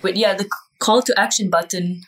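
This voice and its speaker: A woman's voice: medium pitch, fairly even intonation, fairly quick, poor audio. A woman hosting a casual interview, friendly and saying "like" a lot. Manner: friendly, uses "like" often. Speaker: podcast host.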